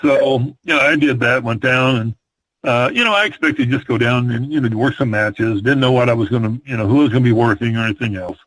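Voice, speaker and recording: A man's voice: medium pitch, fast, a bit bright, dry recording, low-quality recording. Older man telling wrestling stories. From American Midwest. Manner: rambling, many fillers and restarts. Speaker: retired pro wrestler, guest. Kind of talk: storytelling interview.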